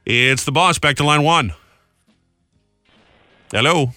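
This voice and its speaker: A man's voice: fairly high pitch, slow, no echo, faint music behind. A man hosting a radio morning show, joking and bantering with callers and his co-host. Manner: jokey, animated, self-deprecating.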